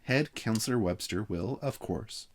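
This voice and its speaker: A man's voice: fairly low pitch, a little slow, voice pushed up. A man voicing a sly teenage boy running a summer camp, announcing in a mock-official way. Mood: mock-formal.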